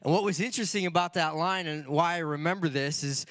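A man's voice: fairly high pitch, quick pace, a bit bright. A man preaching a sermon in a casual, joking way, often asking rhetorical questions. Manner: casual, conversational.

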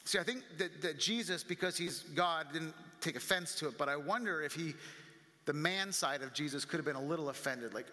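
A male pastor preaching a sermon, animated and full of rhetorical questions. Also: fairly high pitch, fairly quick. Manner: animated, acts out quoted voices, rhetorical questions. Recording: long reverb of a large hall.

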